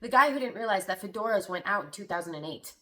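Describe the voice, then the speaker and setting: A woman's voice: medium pitch, expressive, fast, a bit bright. A woman hosting a podcast, reacting to a clip with indignant, sarcastic, profane commentary. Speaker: podcast host.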